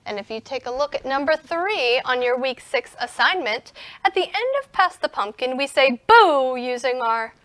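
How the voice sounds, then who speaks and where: A young woman teaching a recorded music lesson to young children, gentle and encouraging. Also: sits high, animated. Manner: gentle and encouraging, speaks slowly to young children, sings and whispers in parts.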